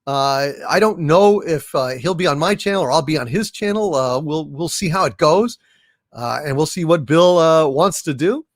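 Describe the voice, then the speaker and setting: In a studio-quality recording with no echo, a man with a fairly high, expressive voice runs a casual live stream at normal speed. He reads messages from viewers and thanks donors grandly, humming short fanfares along the way.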